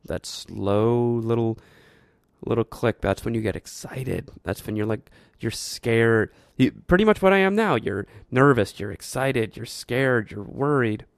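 A man's voice: mid-range voice, measured pace, vocal fry, dry recording, studio quality. A man hosting a show, talking through his thoughts in a rambling, reflective monologue with frequent restarts. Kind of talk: casual monologue.

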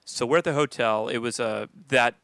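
A man's voice: mid-range voice, normal speed, vocal fry, fairly bright tone, no echo. A man, a comedian, telling a casual story on a podcast with easy laughs. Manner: laid-back, laughing storyteller.

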